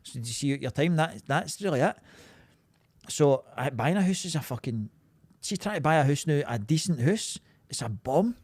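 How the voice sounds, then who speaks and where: Glasgow guy, podcast co-host, animated swings in pitch, dry close mic, loves a swear. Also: normal speed, breathy edge, no room sound. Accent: Scottish, Glaswegian. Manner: sweary, jokey, animated storytelling. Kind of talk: casual banter.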